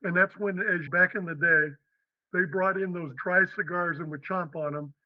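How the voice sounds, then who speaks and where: Older guy from western pennsylvania telling stories in an interview, high voice, dry kinda dull audio. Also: moderate pace, no room sound. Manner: animated, acts out quotes. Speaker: podcast guest. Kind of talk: storytelling interview.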